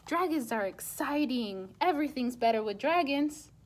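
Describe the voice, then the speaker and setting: A woman voicing an excitable, bossy small boy king in a storybook reading. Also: sits high, moderate pace. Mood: eager. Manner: eager, bossy, enthusiastic.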